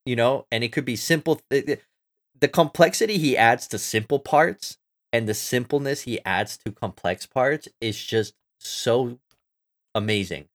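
A man's voice: medium pitch, measured pace. A young man co-hosting a casual podcast, talking with enthusiasm and rambling with fillers and restarts. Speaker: podcast co-host. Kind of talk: casual chat.

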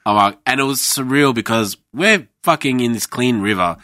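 A man's voice: medium pitch, moderate pace, dry recording, clean studio sound. A man in his thirties, animatedly telling travel stories in casual chat, swearing freely. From Australia. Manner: animated storytelling, swearing, laughing.

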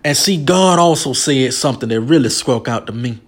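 A man's voice: medium pitch, animated, moderate pace, slightly rough. A man preaching a sermon with emotional, emphatic delivery. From United States.

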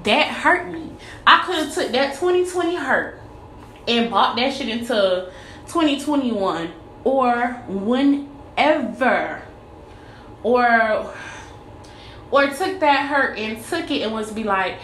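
A woman's voice: a little high, expressive, slow, long pauses, fairly bright tone, slight background noise. A young woman telling her own story in a candid vlog monologue, blunt and profane, driving her points home with repetition. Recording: echoey room with faint ambience.

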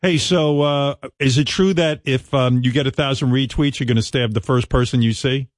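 Brief: male radio host, mid-pitched, teasing banter, close dry studio mic. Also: steady tone, moderate pace, dry recording. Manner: chatty, teasing interviewer.

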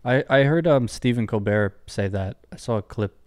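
A man's voice: mid-range voice, normal speed, no echo, studio quality. A man hosting a podcast interview, asking questions in a thoughtful, searching way. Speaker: podcast host. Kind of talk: interview questions, casual chat.

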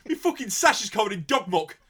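A man voicing a flustered, swearing male mayor who shouts his lines. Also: sits high, sing-song, normal speed, pitched above the performer's own voice, heavily acted. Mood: panicked.

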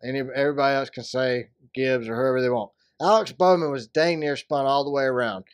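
His mid-range voice is clear and resonant, a little fast, with no echo. He's co-hosting a casual sports podcast, rambling and joking about races and dropping into silly voices.

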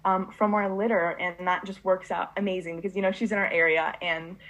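A woman's voice: fairly low pitch, flat delivery, fairly quick, fairly bright tone. A teenage girl in an interview, telling a long story eagerly and rambling, with frequent fillers and restarts. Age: late teens. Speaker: interviewee, student puppy breeder.

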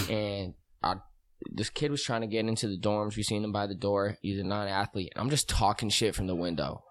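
A man's voice: lowish voice, moderate pace, dry recording. A young man in his twenties, a podcast co-host telling rowdy, profane stories among friends and laughing through them. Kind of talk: casual storytelling among friends.

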